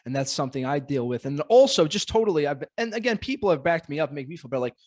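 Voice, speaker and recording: Podcast host guy, kinda high voice, super encouraging, loose casual talk. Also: expressive, fast talker, a little mellow. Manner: enthusiastic, affirming, casual swearing. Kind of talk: casual interview chat.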